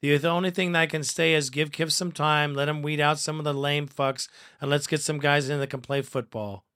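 A man hosting a fan podcast, reading listener comments aloud in a profane, excitable way and laughing often. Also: on the high side, fairly quick, smooth, dry recording, clean studio sound.

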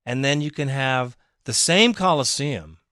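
A man hosting a fan podcast, delivering a passionate, rambling monologue that swings from mutters to shouts. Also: medium pitch, animated, measured pace, dry recording, clean studio sound. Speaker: podcast host.

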